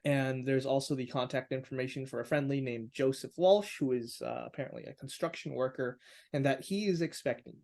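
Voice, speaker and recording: A man's voice: medium pitch, brisk, a little mellow. A man narrating a tabletop game as game master, describing scenes with frequent filler words.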